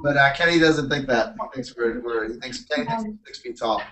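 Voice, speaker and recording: A man's voice: medium pitch, very animated, a little fast. A laid-back man chatting and laughing with friends, recorded from a distance. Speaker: cast member. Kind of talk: casual group chat. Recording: distant mic with noise.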